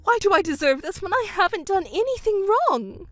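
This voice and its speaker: A woman plays a self-pitying middle-aged stepmother whose high voice leaps wildly up and down as she whines and stammers. Faint music plays under the texting-story drama. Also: big pitch swings, moderate pace, a bit bright, no echo, exaggerated voice. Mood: distraught. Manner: whiny, stammering, desperate.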